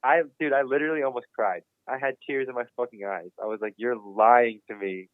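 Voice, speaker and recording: A man's voice: mid-range voice, fast talker, no echo. Swearing young man on a tinny line. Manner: swears constantly, animated and dramatic retelling. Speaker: podcast guest, BMX rider. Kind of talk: casual storytelling. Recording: dry, phone-like narrow sound.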